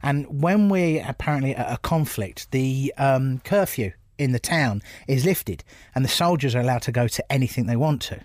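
A middle-aged man from England, telling stories from his stand-up career in an animated, laughing way. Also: mid-range voice, normal speed, dry recording, clean studio sound. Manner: animated storyteller, laughs often. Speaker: comedian guest. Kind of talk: casual anecdotal chat.

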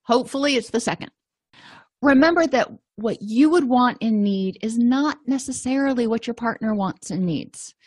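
A woman's voice: fairly high pitch, moderate pace, no room sound. A woman, a counselor, teaching a conversational lesson on empathy in relationships and acting out little quoted exchanges. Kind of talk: informal lecture on empathy.

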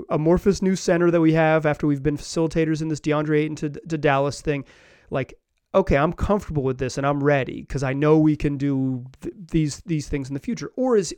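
A man's voice: fairly high pitch, darkish tone, clean tone, no echo, studio quality. A man hosting a sports podcast, talking loosely with many restarts and fillers. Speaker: podcast host. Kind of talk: casual sports commentary.

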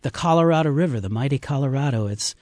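A man's voice: mid-range voice, animated, quick pace, darkish tone, no room sound, clean studio sound. An older man, a river guide, telling stories in an earnest, folksy way with plenty of fillers on a radio interview. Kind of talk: casual radio interview storytelling.

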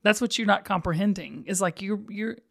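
A woman's voice: mid-range voice, fairly quick, creaky. A woman hosting a podcast in casual chat. She talks candidly and laughs often. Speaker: podcast host.

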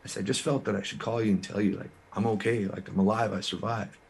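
Brief: Canadian-raised man, lowish husky voice, earnest and frank interview guest. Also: steady tone, darkish tone. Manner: earnest, frank, quick restarts. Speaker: guest musician. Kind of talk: candid storytelling interview.

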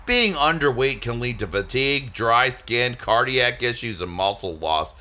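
A man's voice: medium pitch, animated, measured pace, sharp tone. Sarcastic man reading gossip aloud. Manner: sarcastic, mocking, bursts into silly put-on voices. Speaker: podcast host reading celebrity gossip. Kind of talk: casual comedic chat.

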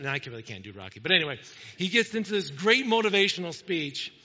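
A man's voice: a little high, lively intonation, fairly quick, bright, forceful tone, in a large hall, muffled recording. A man preaching a sermon as pastor, pressing his points with emphatic repeated calls. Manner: preaching with rising, emphatic repetitions.

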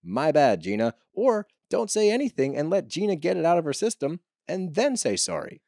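A man's voice: high-pitched, sing-song, a little fast, gravelly, warm tone, dry recording, studio quality. A man co-hosting a podcast, giving opinionated and casual recaps of reality TV and swearing freely. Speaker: podcast co-host.

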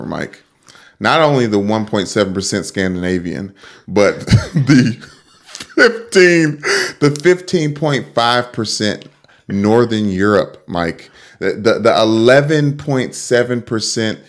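Rambling, laughing man co-hosting. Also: on the low side. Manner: laughing, rambling, repeats words. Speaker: podcast co-host. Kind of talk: casual chat.

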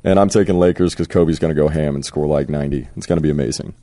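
A man's voice: a bass voice, steady tone, fast, dark tone. A man hosting a casual sports podcast, joking and swearing freely with his co-hosts. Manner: profane, joking. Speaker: podcast host.

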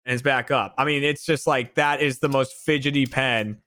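A man's voice: medium pitch, fairly even intonation, moderate pace, pushed and bright, no echo, clean studio sound. A man co-hosting a podcast, joking playfully in casual chat. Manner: playful, jokey. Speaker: podcast co-host.

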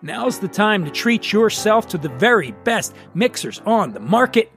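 A man's voice: high voice, sing-song, moderate pace, fairly bright tone, soft background music. A man hosting a podcast and reading sponsor ads in a jokey, rambling, self-mocking way. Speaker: podcast host. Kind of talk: casual ad read.

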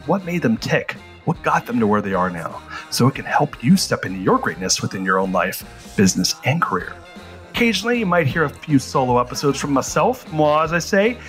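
A man reading a scripted commercial in a measured promotional way. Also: medium pitch, fairly bright tone. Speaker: ad announcer.

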